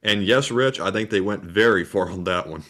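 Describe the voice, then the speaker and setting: A man co-hosting a livestream, reading out viewer donations and questions in a plain, steady way. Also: on the low side, moderate pace. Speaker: co-host reading super chats.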